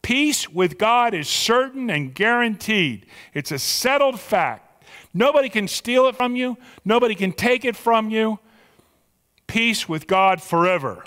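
A pastor preaching a sermon with emphatic, drawn-out stressed words in a church sanctuary. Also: male voice, high voice, animated, a bit bright, clean tone, long reverb tail.

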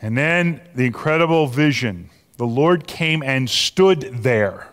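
A man preaching a sermon as pastor, animated, repeating words as he builds to a point. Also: mid-range voice, slow. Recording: long hall reverb.

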